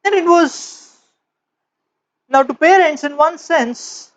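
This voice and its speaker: This male teacher's very high-pitched voice carries a parable within a spiritual lecture, delivered with slow, measured emphasis. It comes through a dull, lo-fi recording.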